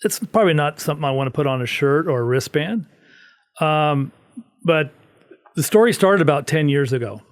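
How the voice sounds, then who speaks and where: Brief: middle-aged male guest, animated storyteller, slightly high voice. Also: moderate pace. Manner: animated storyteller, acts out quotes. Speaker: podcast guest. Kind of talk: casual storytelling.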